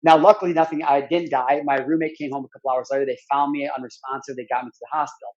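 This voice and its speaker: A man's voice: mid-range voice, fairly even intonation, quick pace, darkish tone, lo-fi sound. A man in his thirties, speaking as a podcast guest, tells a personal story in an earnest, rambling way full of "like" and restarts. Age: 30s.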